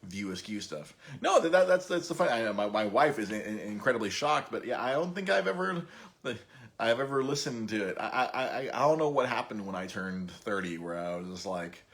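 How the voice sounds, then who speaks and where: A man's voice: fairly low pitch, expressive, fairly quick, fairly bright tone. A man in his thirties hosting a podcast, telling stories in a rambling, laughing way with many restarts. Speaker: podcast host. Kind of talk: casual storytelling chat.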